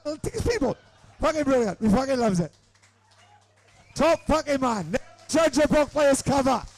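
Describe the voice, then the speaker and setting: A man with a strikingly high, gravelly voice runs through rambling stories on a live podcast. He swears in nearly every sentence, and his crude tales spill out one after another. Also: lively intonation, normal speed. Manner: swears constantly, rambling anecdotes. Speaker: podcast co-host. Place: live show in a room with an audience.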